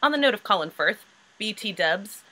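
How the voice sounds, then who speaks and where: A young woman in her twenties co-hosting a casual podcast chat, chatty and quick to laugh. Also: mid-range voice, expressive, pushed and bright, poor audio. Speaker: podcast co-host.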